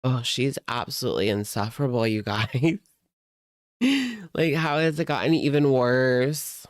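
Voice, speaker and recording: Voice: medium pitch, animated, a little slow, no room sound, clean studio sound. A commentary host in casual chat, sarcastic and exasperated, reacting to clips.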